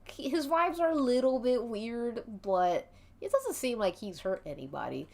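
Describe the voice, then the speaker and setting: A woman's voice: on the high side, big pitch swings, moderate pace, vocal fry. A woman narrating a tabletop-style role-play game as game master, chatty and giggly.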